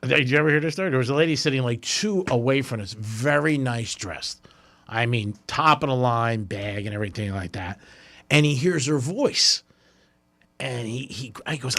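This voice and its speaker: A man's voice: mid-range voice, fairly quick. A man hosting a radio talk show, telling a story with lots of laughter in casual banter. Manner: animated storyteller, laughs often. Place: radio studio.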